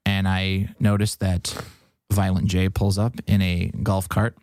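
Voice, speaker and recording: A man's voice: sits low, level tone, unhurried, darkish tone, dry recording, studio quality. A man, a comedian guest on a casual podcast, rambling through a story and acting out the people in it.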